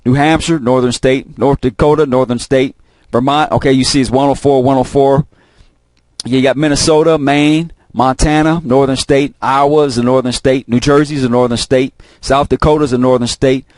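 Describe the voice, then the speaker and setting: A man's voice: medium pitch, fairly even intonation, moderate pace, a little mellow, no echo. Profane rambling man, dry close sound. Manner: rambling, repeats himself, heavy cursing. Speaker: host of a video channel. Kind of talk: casual profane monologue.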